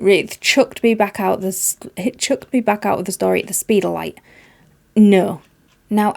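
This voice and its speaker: Woman, book reviewer, casual talk, mellow warm tone, emphatic, exasperated. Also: medium pitch. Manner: emphatic, exasperated, repeats words for stress.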